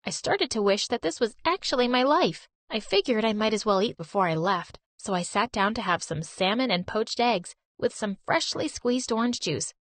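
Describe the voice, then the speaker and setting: Lively young woman narrating a story. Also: fairly high pitch, normal speed, few pauses, no echo. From Turkey. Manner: lively, expressive, conversational.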